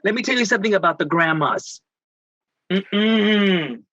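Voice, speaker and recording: A theatrical man from Texas speaks in a high, bright voice with a husky grain, acting out every voice he quotes. The recording is dry and slightly muffled and lo-fi, like a call with no room sound. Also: animated, fast talker, no echo. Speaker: guest, spiritual healer. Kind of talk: emotional storytelling in conversation.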